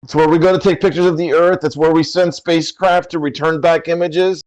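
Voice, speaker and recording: A man's voice: on the high side, fairly even intonation, a little fast, darkish tone, no room sound, low-quality recording. Sarcastische man met vrij hoge stem. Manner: sarcastic, mocking. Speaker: panelist. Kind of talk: heated online debate.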